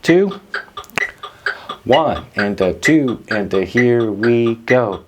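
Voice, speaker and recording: A man's voice: mid-range voice, animated, very slow, long pauses, very noisy. A man hosting a drum lesson, explaining rhythms patiently and counting the beats aloud. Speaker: drum teacher and host.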